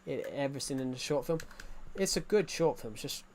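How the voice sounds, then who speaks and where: A man's voice: medium pitch, lively intonation, brisk, slight background noise. A young man with an English accent chatting casually on a game stream, rambling with many restarts and fillers. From England. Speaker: gaming streamer. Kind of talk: casual live-stream chat.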